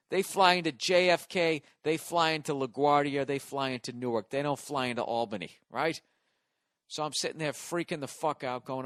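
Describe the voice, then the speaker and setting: A man in his forties with a Boston accent, telling a stand-up story in a profane, exasperated rant with sudden loud bursts. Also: on the high side, moderate pace, no echo, clean studio sound. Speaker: stand-up comedian.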